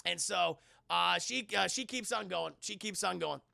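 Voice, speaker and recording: A man giving a casual, profane livestream film review, excitable and often talking to his chat while acting out characters in loud voices. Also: high voice, normal speed, vocal fry, no echo, studio quality.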